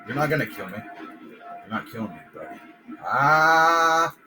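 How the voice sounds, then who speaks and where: A man's voice: mid-range voice, lively intonation, measured pace, bright, forceful tone, soft background music. A man casually commenting on his own gameplay for viewers, trash-talking the enemies in a loose, joking way. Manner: addresses viewers directly.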